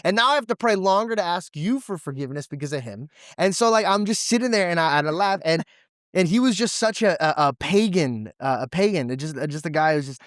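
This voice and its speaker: A man as a podcast guest, telling personal stories in an animated, emotional way. He laughs often and keeps calling the host "bro" and "dude". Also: on the high side, fast, no echo, studio quality. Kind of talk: animated storytelling in casual chat.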